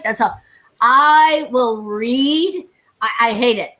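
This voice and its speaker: A woman sales coach speaking live over a video call, brisk and emphatic, with frequent laughter and humor. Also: sits high, animated, fairly bright tone. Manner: brisk, emphatic, laughs often, acts out dialogue. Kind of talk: energetic live talk with humor.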